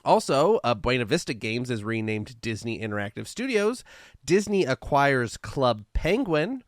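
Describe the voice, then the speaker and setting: A man's voice: medium pitch, very animated, measured pace, no echo, studio quality. A man co-hosting a podcast, chatting casually and reading out a history segment, and laughing at himself as he goes. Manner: chatty, laughs at himself, reads lists of dates. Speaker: podcast co-host.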